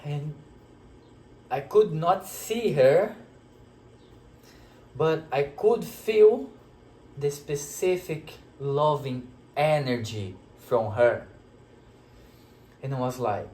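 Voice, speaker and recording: Man, slow unhurried delivery, emotional and reflective, pausing often, roomy echo. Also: on the high side, mellow. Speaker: spiritual teacher sharing a personal experience. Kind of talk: reflective personal storytelling. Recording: echoey room.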